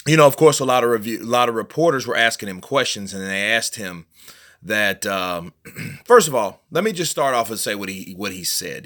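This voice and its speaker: A man's voice: fairly low pitch, bright, forceful tone. A man hosting a boxing news channel, commenting in a rambling, conversational way with many fillers. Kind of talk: casual commentary vlog.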